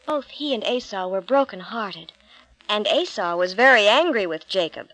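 A woman narrating a children's Bible storybook in an expressive, gentle read-aloud manner. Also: mid-range voice, moderate pace, no room sound, poor audio.

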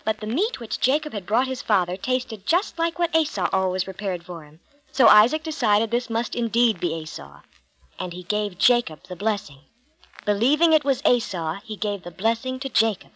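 A woman narrating a children's Bible storybook in an expressive, gentle read-aloud manner. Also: mid-range voice, moderate pace, dry recording, poor audio.

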